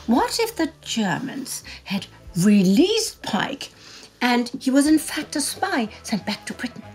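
A woman co-narrating a history documentary in a measured, emphatic way with hushed asides. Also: on the high side, slightly rough.

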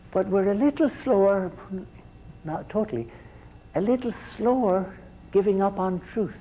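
Mellow-voiced man lecturing a class. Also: high voice, slight background noise, poor audio. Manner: repeats words as he restarts and quizzes the class. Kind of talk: university lecture.

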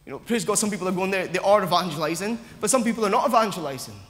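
High-voiced preacher in a reverberant church. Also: male voice, animated, very fast, hardly any pauses, fairly bright tone. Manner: earnest, acts out voices of the doubting, stumbles and restarts. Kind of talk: sermon.

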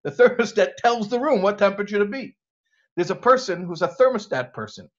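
A rabbi with an American accent gives a conversational lecture to students, drawing them in with rhetorical questions, in a slightly muffled recording. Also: male voice, high voice, animated, brisk. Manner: engaging, asks rhetorical questions.

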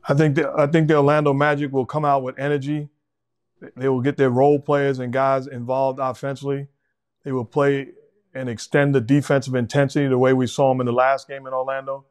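A middle-aged man hosting a sports talk show, giving measured, emphatic basketball analysis. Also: medium pitch, level tone. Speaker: host.

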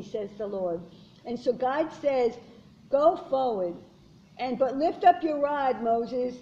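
A woman's voice: on the high side, dark tone. A woman preaching a fervent sermon, quoting scripture and repeating exhortations. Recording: dull lo-fi sound with faint hiss.

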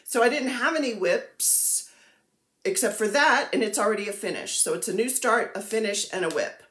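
A woman's voice: medium pitch, animated, moderate pace, a bit bright, echoey room. A woman vlogging casually about her cross-stitch projects, chatty and self-deprecating, gushing over the supplies she shows. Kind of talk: casual chatty show-and-tell.

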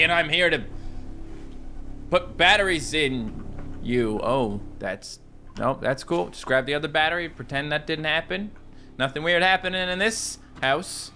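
A man's voice: a little high, moderate pace, bright, forceful tone, a little hiss or hum. A man giving jokey let's play commentary on a video game, exclaiming and reading game text aloud. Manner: joking, exclamatory, reads on-screen text aloud. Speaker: gaming video host.

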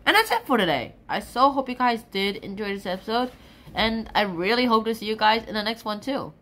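A woman casually explaining a poem in an animated, chatty way, with stumbles and restarts. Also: on the high side, brisk. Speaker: sonnet explainer. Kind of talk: casual explanation mixed with poetry recitation.

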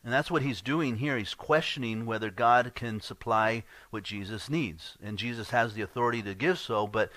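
A male pastor giving a sermon in an earnest teaching tone, often clearing his throat and restarting phrases. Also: mid-range voice, a bit bright, dry recording. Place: church.

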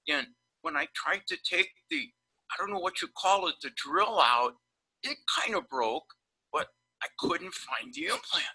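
A man's voice: high-pitched, lively intonation, a little slow, pushed and bright, breathy edge, exaggerated voice, low-quality recording. A man imitating a flustered male dentist who rambles and stammers in a panic. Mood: panicked.

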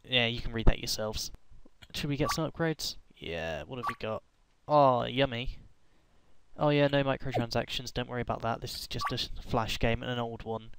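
A man's voice: medium pitch, normal speed, creaky, noisy background. Rambling young man gaming. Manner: rambling, joking, random outbursts and humming. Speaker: gaming YouTuber. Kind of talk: casual gameplay commentary.

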